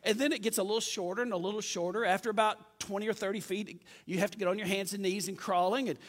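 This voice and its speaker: A man preaching a sermon, telling a story in a lively, self-mocking way. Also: high voice, fast, big-room sound.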